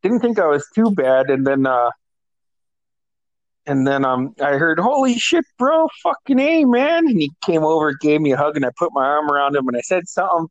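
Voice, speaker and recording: A man's voice: a little high, a little fast, no room sound, dull audio. A man in his thirties casually telling a profane, laughing story to his sisters. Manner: profane, laughing storyteller who acts out quoted voices. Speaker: older brother telling a story.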